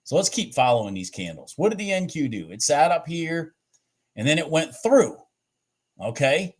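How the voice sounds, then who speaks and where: A man hosting a trading channel, reviewing his live trades on charts in a lively, swearing, self-talking way. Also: fairly high pitch, normal speed, husky. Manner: animated, swears and talks to himself about the charts.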